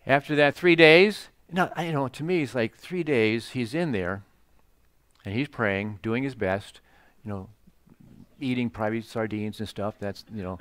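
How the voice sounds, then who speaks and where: A man's voice: mid-range voice, moderate pace, a bit bright, clean tone, no echo. A man preaching a sermon in a casual, joking storytelling way, full of "you know" asides. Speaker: pastor.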